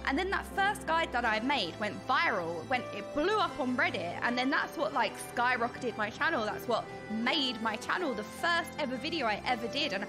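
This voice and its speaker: A woman streaming a game, chatting casually in a rambling, animated way that repeats points as she goes. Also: sits high, moderate pace, hardly any pauses, over music. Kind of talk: casual stream chat while gaming.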